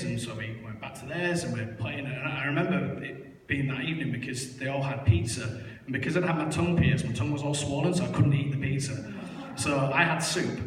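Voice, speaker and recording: A man's voice: medium pitch, fairly bright tone, a little hiss or hum. A young man tells his life story in church, candid and self-mocking, with many fillers. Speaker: church member giving testimony. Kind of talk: personal testimony in church. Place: large church hall. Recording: echoey hall, voice heard from far off.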